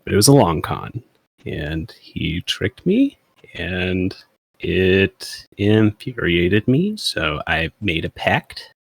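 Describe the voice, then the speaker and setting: A man with a very low, husky voice plays his character at a tabletop game. He rambles in a laid-back way, his pitch swinging widely. The room sounds dry and close. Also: sing-song, slow, no room sound. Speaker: player. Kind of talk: in-character tabletop role-play.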